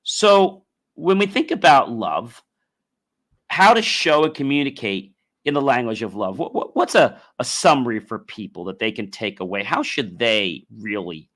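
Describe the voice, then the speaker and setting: A male podcast host chatting casually with his guest, his voice sitting at an ordinary middle pitch. He talks expressively and slips into animated asides. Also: normal speed. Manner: expressive, acts out imagined voices. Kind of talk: casual interview chat.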